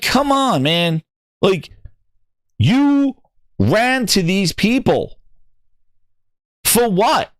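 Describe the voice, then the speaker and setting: A man runs a gaming news show, and he is angry about it, swearing and tripping over his words as he rants. His voice sits a little high. It comes across dry and close, with no room sound. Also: a bit bright, no room sound. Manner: heated, swearing, repeats words when worked up. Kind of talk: ranting commentary.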